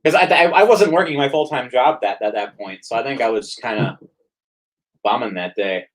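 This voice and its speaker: A man's voice: medium pitch, moderate pace. A man hosting a casual livestream chat while drinking, rambling with stammered restarts. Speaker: stream host.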